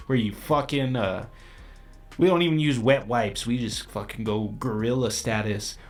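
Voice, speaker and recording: A young man hosting his own podcast, talking in a brash, profane, boastful monologue. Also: on the high side. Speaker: podcast host. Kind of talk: crude comedic monologue.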